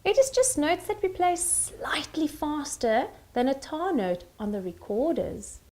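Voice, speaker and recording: A cheerful young woman leads a children's recorder lesson in a high, bright voice. Her pitch swoops up and down with lively melody, and she takes her time over each phrase. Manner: cheerful, sing-song, speaks slowly to children. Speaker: music teacher.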